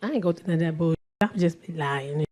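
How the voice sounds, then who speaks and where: A New York woman in her forties doing stand-up comedy, loud and animated, shouting punchlines and acting out both sides. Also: deep voice, quick pace. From South Bronx, New York.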